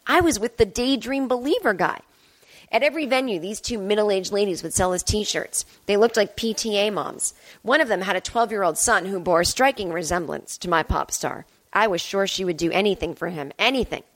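A woman's voice: mid-range voice, normal speed. A woman in her fifties hosting a podcast, telling a candid, wry personal story in a monologue from home. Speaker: podcast host.

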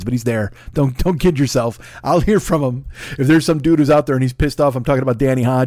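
A man rattles off a profane, rambling comedy monologue as a podcast host, his words tumbling out at a rapid clip. His pitch sits in an ordinary middle range. The recording is close and completely dry, with no room sound. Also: darkish tone, no room sound. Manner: profane, rambling, jokey asides.

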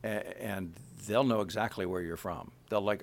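A man from Kansas City, a voice actor, chatting in an interview with rambling, halting sentences full of restarts and asides. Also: fairly low pitch. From Kansas City, USA. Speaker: voice actor guest. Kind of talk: casual interview chat.

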